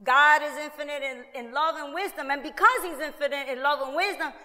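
Animated high-voiced woman preaching in a hall. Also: a little fast. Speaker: pastor. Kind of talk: sermon.

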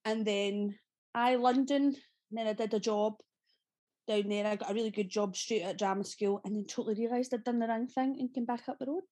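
A Glaswegian-accented actress from Scotland, in her thirties, is interviewed casually on a podcast, chatting through stories with lots of laughs and free swearing. Her fairly high voice is mellow, fairly quick and fairly even in intonation.

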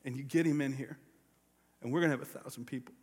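A pastor telling a personal story in a sermon, acting out the voices of the people in it. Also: male voice, mid-range voice, fairly even intonation, fast, a little mellow, husky. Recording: long reverb of a large hall.

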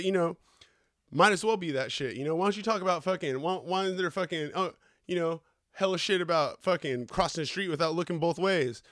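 A man with a fairly high voice hosts a podcast, ranting in a loose, profane and sarcastic way. His talk is full of slang. The recording is dry and close. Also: fairly bright tone, dry recording. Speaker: podcast host. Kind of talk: profane rant.

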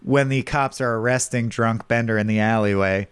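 A man co-hosting a podcast in casual chat, lively, laughing often and quoting lines in funny voices. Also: mid-range voice, normal speed, clear, resonant tone, dry recording. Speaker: podcast co-host.

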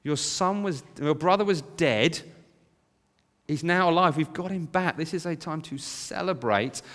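A man voicing a compassionate father who slowly and earnestly pleads with his grown son, in a hall with long reverb. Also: on the high side, a bit bright. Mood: pleading.

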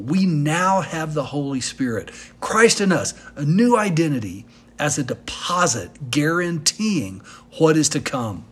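A man's voice: a little high, slightly rough. A male pastor delivering an earnest, emphatic sermon, asking the congregation rhetorical questions as he preaches.

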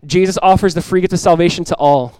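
A middle-aged male pastor delivers a sermon with earnest, direct conviction, hammering home key lines through repetition. His voice sits a bit high for a man, and the sound is close and dry with little room echo. He slips into animated everyday voices to make his points. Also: fast talker, smooth. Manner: acts out everyday voices with lively emphasis. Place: church sanctuary.

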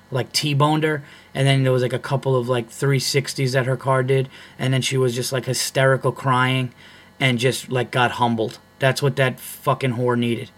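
A man's voice: mid-range voice, a bit bright. A man who is a comedian and podcast host, telling a story in a blunt, profane, heated way. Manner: blunt and profane, heated when retelling a fight.

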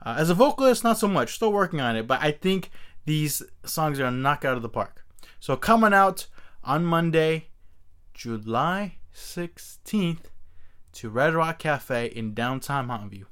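A man hosting his own podcast, talking in a chatty, self-deprecating way with sudden animated bursts. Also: on the high side, normal speed, smooth. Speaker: podcast host. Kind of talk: casual podcast intro. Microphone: XLR studio mic.

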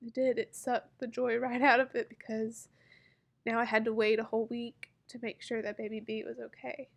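Woman vlogger in her thirties, higher register, emotional confessional delivery, heartfelt with frequent pauses. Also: level tone, vocal fry. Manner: halting, heartfelt, many pauses and fillers. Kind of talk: personal story told to camera.

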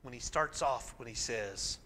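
A pastor preaching a sermon in an earnest, emphatic way, now and then reading scripture aloud with dramatic force. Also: male voice, mid-range voice, measured pace, pushed and bright, slight background noise.

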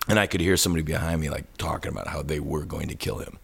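Midwestern man, middle-aged, deep and gravelly; podcast host, animated storyteller. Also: racing. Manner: animated anecdotes, acts out quoted shouts. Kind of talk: casual chat, storytelling.

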